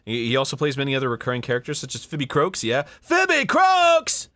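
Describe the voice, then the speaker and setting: A man's voice: medium pitch, steady tone, racing, fairly bright tone, no echo. A man in his thirties telling a casual, rambling story about his voice work, often breaking off mid-sentence and swearing. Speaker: voice actor and show host.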